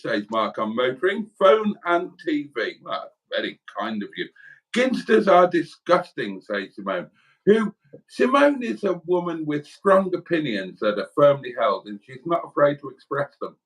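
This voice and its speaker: A man's voice: on the high side, very animated, a little slow, fairly bright tone, rough recording. A man co-hosting a home livestream, jovially reading out viewer comments and adding wry asides. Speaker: livestream co-host. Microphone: home livestream setup.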